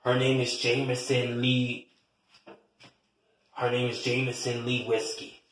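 A man's voice: mid-range voice, completely flat delivery, unhurried, fairly bright tone, far from the mic, slight background noise. Man acting a cussing dad caught out, echoey room. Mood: sheepish. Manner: profane, defensive. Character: sheepish foul-mouthed middle-aged father. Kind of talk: comedy skit acting.

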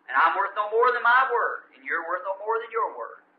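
Male preacher, high voice, folksy storytelling sermon, rising and falling, roomy lo-fi tape with hiss. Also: animated, a little fast. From United States. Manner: folksy storytelling preaching, swinging from loud to low.

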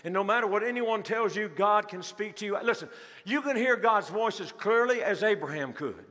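A man's voice: high voice, expressive, normal speed, pushed and bright. A male pastor preaching a sermon to a congregation, asking rhetorical questions and repeating key phrases. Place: large church hall. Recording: long hall reverb.

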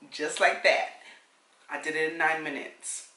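A young woman, telling a lively story to camera as a vlogger and acting out what others said. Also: low voice, measured pace, slight background noise. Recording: roomy sound, mic at a distance.

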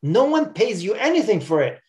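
A man's voice: on the high side, animated, normal speed, a little mellow, close to an everyday voice. A man reading aloud the lines of a harsh slave master from a story in a sermon. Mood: demanding. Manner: read aloud from a story, commanding. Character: harsh male slave master, later broken.

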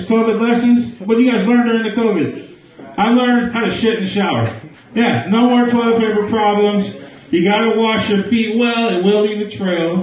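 A man's voice: high-pitched, darkish tone, distant mic. A man doing a crude live stand-up set in a small bar, riffing with the crowd. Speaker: stand-up comedian. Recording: echoey bar, mic heard from afar.

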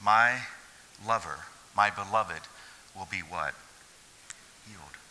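A man preaching a sermon as pastor, swinging from hushed asides to loud, excited preaching. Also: fairly low pitch, slow, slight background noise. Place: church hall. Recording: long hall reverb.

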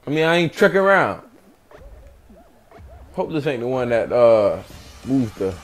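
A man's voice: medium pitch, sing-song, unhurried. A young man hosting a gaming channel, giving hyped let's-play commentary, trash-talking and chanting catchphrases while he plays.

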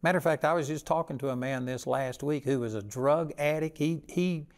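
A man's voice: a little high, brisk. An older man preaching a sermon with folksy stories and a plain, conversational delivery.

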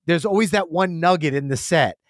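A man in his forties chats as a podcast guest with a slightly high voice, spinning animated stories and playing out the lines of the people in them. The sound is dry and close, with no room around it. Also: a little fast, no echo. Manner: animated storyteller, acts out quotes. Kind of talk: casual storytelling.

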